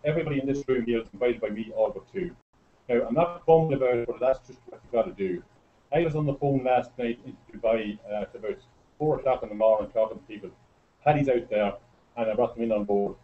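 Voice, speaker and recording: A middle-aged Irish man giving a chatty, storytelling speech to a live audience, getting excited as he goes. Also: medium pitch, quick pace. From Ireland. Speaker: presenter at a business meeting. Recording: muffled lo-fi recording.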